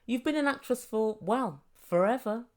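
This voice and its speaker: A woman's voice: fairly high pitch, animated, normal speed, a little mellow. A woman giving a snarky, gossipy comedic TV recap, with chatty asides to viewers. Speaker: TV recap reviewer.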